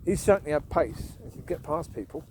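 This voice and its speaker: Walking outdoors at night, a UK vlogger chats casually, opinionated and repeating his points, often chuckling. His voice is on the high side, expressive, brisk and warm, with slight background noise.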